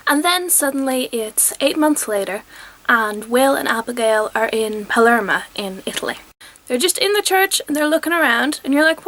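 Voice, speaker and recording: A woman's voice: fairly high pitch, expressive, brisk, fairly bright tone. A young woman reviewing a TV episode in casual, enthusiastic, rambling chat, often acting out quotes. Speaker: TV review vlogger.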